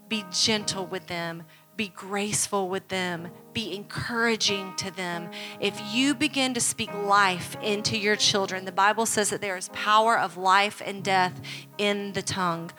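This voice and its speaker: A woman pastor delivers a sermon at a church service with a bright, forceful voice. She drives each point home through earnest, repeated appeals. Faint music plays underneath. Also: mid-range voice. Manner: earnest, repetitive exhortation.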